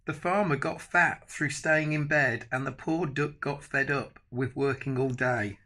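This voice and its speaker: An older man, a grandfather, reading a picture book aloud to his grandchildren with animated asides. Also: medium pitch, measured pace. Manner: animated, adds chatty asides to the children. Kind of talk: bedtime storybook reading.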